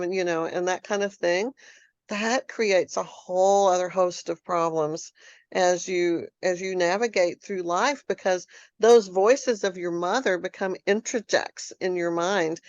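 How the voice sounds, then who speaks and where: A woman hosting an interview, candid and animated as she shares personal stories. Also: on the low side, dry recording. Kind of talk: conversational interview. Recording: dull lo-fi dry sound.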